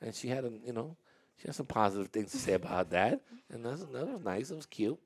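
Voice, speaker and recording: A man's voice: medium pitch, very animated, quick pace, slightly rough. A man hosting a casual interview with young dancers, talking in a chatty, storytelling way with frequent laughs and restarts.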